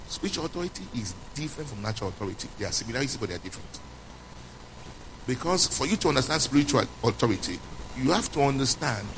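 A pastor with a medium-pitched voice delivers a sermon against a noisy background. He speaks emphatically, repeating his key points and quizzing his listeners with questions along the way.

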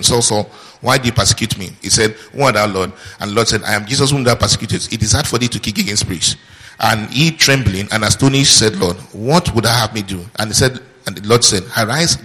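Bright-voiced preacher in a reverberant hall. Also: male voice, medium pitch. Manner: call-and-response questions to the congregation. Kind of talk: sermon.

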